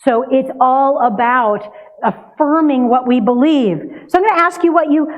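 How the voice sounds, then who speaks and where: An older woman giving a sermon, telling a family story in a conversational, lively way. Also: high-pitched, moderate pace. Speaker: minister. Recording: tinny phone-like sound.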